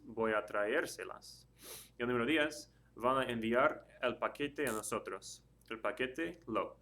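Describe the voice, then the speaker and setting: A man teaches a recorded language lesson in a steady, mid-pitched voice. He explains grammar carefully and repeats example words slowly so students can hear where the stress falls. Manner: slow, careful, repeats words to model pronunciation. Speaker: Spanish teacher.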